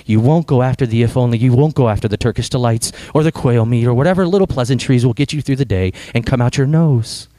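A man preaching a sermon and reading a story aloud, expressive and reflective, exhorting listeners to pray. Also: mid-range voice.

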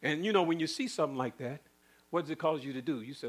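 A male preacher delivering a sermon, firing rhetorical questions at the congregation, chuckling and swinging between loud and hushed. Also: fairly high pitch, fast talker.

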